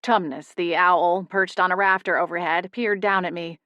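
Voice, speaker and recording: A young woman narrating a first-person audiobook in a steady, intimate storytelling manner. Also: fairly low pitch, normal speed, no room sound, dull audio. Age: young adult.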